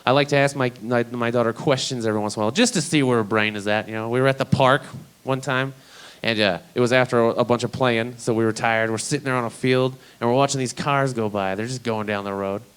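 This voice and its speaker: A man's voice: medium pitch, steady tone, quick pace, clear, resonant tone, low-quality recording. A man doing a stand-up comedy set, talking in a rambling, profane, conversational way.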